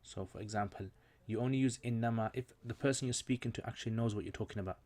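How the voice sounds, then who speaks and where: A man teaches in a relaxed, informal way, stopping often to search for words. His voice sits at an ordinary middle pitch. He explains point by point, with frequent fillers and restarts. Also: quick pace. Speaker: Islamic studies teacher. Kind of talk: informal recorded lesson.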